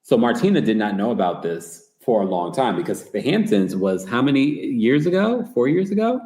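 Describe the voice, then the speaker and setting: A man's voice: mid-range voice, sing-song, normal speed, a little mellow, echoey room. A man hosting a livestream recap show, reading viewer comments in a chatty, gossipy way while tired and yawning late at night. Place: away from home while traveling.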